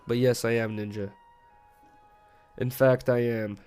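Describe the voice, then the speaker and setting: A man's voice: medium pitch, flat delivery, a little slow, a little mellow, clean tone, soft background music. A man with an American accent chatting casually on a late-night stream, rambling and swearing and laughing easily.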